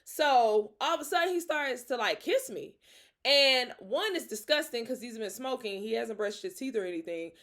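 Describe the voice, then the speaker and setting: A young woman hosting a podcast, telling a story in a lively, dramatic way with slang and frequent laughter. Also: on the high side, normal speed. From Atlanta. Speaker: podcast host. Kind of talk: casual storytelling.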